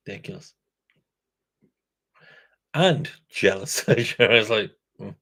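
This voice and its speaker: A man's voice: lowish voice, expressive, unhurried. A man hosting a craft beer channel, chatting casually and rambling, correcting himself and chuckling as he goes. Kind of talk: casual rambling chat with viewers.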